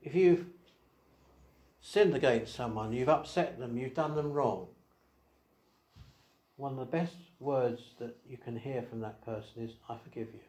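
A man preaching an evangelistic sermon, asking rhetorical questions and swinging between quiet asides and raised emphasis. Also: mid-range voice, moderate pace. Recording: echoey hall.

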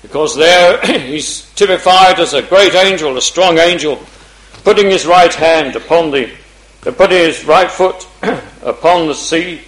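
A man preaches a gospel sermon in a fairly high voice, rising to loud declarations and dropping to hushed pleading. He clears his throat often as he goes. His voice rings around an echoey hall. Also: measured pace.

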